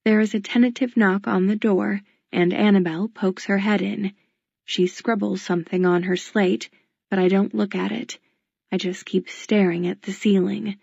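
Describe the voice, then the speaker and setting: A woman narrating a first-person audiobook in a subdued, measured reading. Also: mid-range voice, steady tone, creaky, a little mellow, breathy edge, no echo. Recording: dull lo-fi dry recording.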